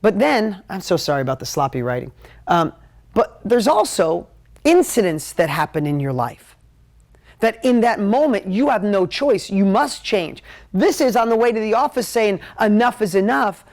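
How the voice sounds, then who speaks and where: Energetic male motivational coach. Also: high voice, normal speed. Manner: energetic, emotional, conversational. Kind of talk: live motivational talk at a whiteboard.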